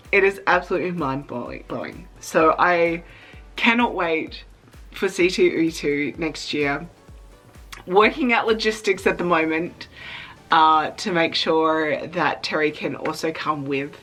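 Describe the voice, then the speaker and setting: A young woman vlogging in a chatty, excitable way, fighting back tears as she talks. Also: fairly low pitch, slightly rough, poor audio. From Australia. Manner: chatty, excitable, emotional, trying not to cry. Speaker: cosplay vlogger. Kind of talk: casual vlog talk.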